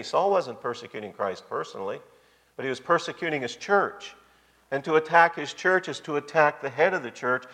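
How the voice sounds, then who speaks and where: Man, preacher, sermon, emphatic, mid-pitched, long hall reverb. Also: a bit bright. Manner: emphatic, addresses the congregation directly.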